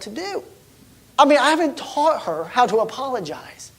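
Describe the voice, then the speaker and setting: A pastor's very high voice swings widely in pitch with a breathy edge as he tells a personal story at normal speed. His sermon feels conversational, full of restarts, and often falls to near-whispered hush.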